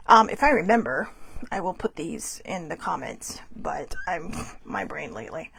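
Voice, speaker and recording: Husky, gravelly woman reading cards aloud. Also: low-pitched, very animated, fairly bright tone, dry recording. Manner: chatty, self-correcting, reads slowly aloud. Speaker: host reading oracle cards. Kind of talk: casual spiritual card reading.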